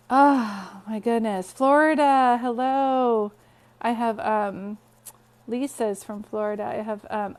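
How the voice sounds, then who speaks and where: A woman's voice: medium pitch, darkish tone. A woman hosting a casual phone livestream from her bed, greeting viewers and telling stories in a chatty way. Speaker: psychic medium livestream host. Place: bedroom, sitting on bed.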